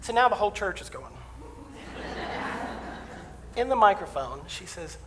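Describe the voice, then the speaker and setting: In a church sanctuary, a male minister delivers a folksy, funny sermon full of personal stories and acted-out voices. His voice is high with big pitch swings and an unhurried pace, recorded on a distant mic in a reverberant hall with background noise.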